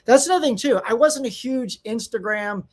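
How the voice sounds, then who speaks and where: A man hosting a casual live stream from home, chatting excitedly and greeting viewers by name. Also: very high-pitched, normal speed. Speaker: channel host. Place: home room.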